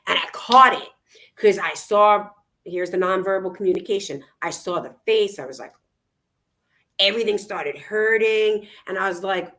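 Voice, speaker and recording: A woman co-hosting a casual talk show in a mid-pitched voice. She talks energetically and directly to her listeners, encouraging them. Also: pushed and bright. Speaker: co-host. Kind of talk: casual chat.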